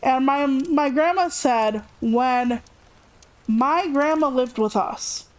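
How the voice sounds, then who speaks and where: A young adult woman streamer casually telling a personal story, chatty and animated, raising her voice to act out what others said. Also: takes it slowly. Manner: chatty, animated, acts out quotes with raised pitch.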